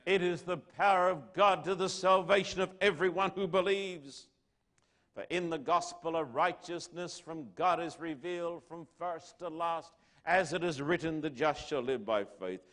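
A pastor preaches a sermon to his congregation, posing rhetorical questions and swinging between loud declarations and hushed lines. His voice is on the high side and he speaks at a normal speed.

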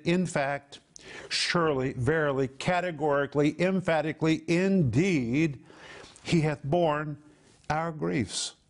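Emphatic male preacher, higher voice. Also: a little mellow. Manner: emphatic, repeating words for stress. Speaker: pastor. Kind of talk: sermon.

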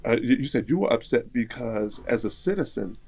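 A man's voice: mid-range voice, a little fast, slightly rough. A man telling a personal story in casual conversation, acting out the voices of people in it. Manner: animated, acts out quoted dialogue.

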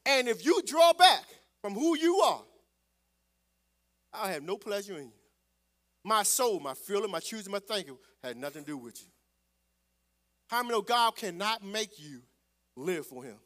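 A man preaching a sermon as pastor, calling out to the congregation and swelling loud on scripture. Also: high voice, very animated, moderate pace, long pauses.

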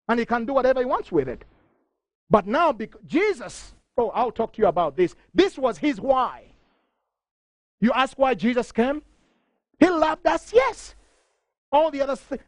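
A middle-aged man preaching a fervent sermon, reading scripture aloud and rising to near shouting. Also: extremely high pitch, no room sound. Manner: reads scripture passages aloud.

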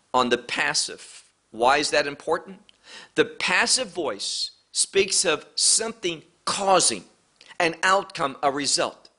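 A man's voice: fairly high pitch, sharp tone. A man teaching the Bible verse by verse, emphatic, asking rhetorical questions and answering them himself.

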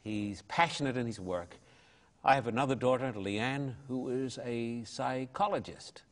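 Fervent older Australian preacher. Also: male voice, medium pitch, a little slow. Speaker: evangelist and pastor. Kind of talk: interview answers.

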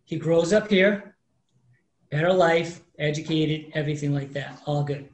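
A man's voice: a little high, a little slow. A man in his fifties, a mortgage professional, telling a story in an interview and acting out the people in it. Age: 50s. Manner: animated storyteller acting out quoted dialogue. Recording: roomy echo.

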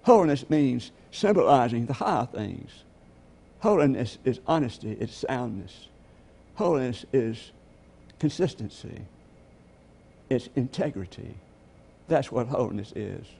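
A man's voice: medium pitch, lively intonation, unhurried, creaky, long pauses, warm tone, husky. A man preaching a sermon as pastor, telling stories and asking the congregation rhetorical questions.

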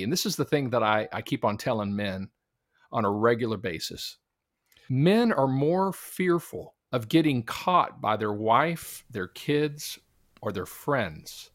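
A man's voice: mid-range voice, no room sound, clean studio sound. A man giving a testimony in an interview, earnest and preacherly, often quoting scripture. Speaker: guest, Christian minister.

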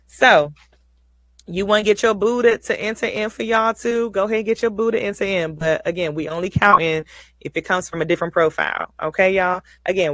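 A woman's voice: medium pitch, a bit bright, no echo, rough recording. Folksy, chatty woman livestream host. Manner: chatty, repeats herself, folksy slang. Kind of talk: casual livestream chat.

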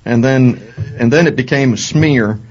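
A man co-hosting a radio talk show, joking in a deadpan, self-mocking way and often repeating words as he goes. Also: medium pitch, moderate pace, lo-fi sound.

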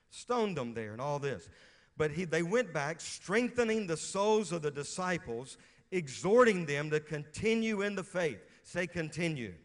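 Man, middle-aged, from Louisiana, preacher who fires questions at the congregation. Slightly high voice with a long reverb from the church hall. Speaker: pastor. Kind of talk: sermon. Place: church sanctuary.

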